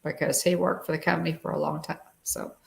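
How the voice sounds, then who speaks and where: Casting: middle-aged woman, low gravelly voice, rambling co-host chat. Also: level tone, quick pace. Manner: chatty, rambling, many fillers and restarts. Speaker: show co-host. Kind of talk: casual live-stream chat.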